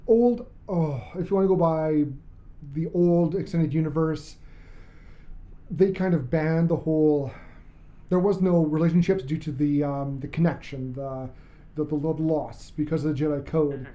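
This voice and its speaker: A podcast host chatting casually as an enthusiastic fan, rambling and cracking quick jokes. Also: mid-range voice, highs cut off.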